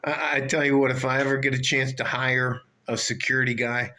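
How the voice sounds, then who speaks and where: A man's voice: medium pitch, normal speed, bright, forceful tone. An older man telling a rambling, profane story in a casual rant, often trailing off and circling back. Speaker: vlogger.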